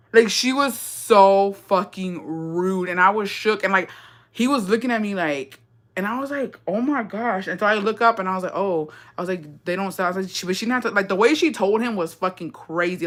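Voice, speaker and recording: A woman's voice: mid-range voice, a little fast, fairly bright tone. A young woman hosting a livestream, telling a story in a slangy, profane, chatty rant and reading out viewer comments. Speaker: livestream host.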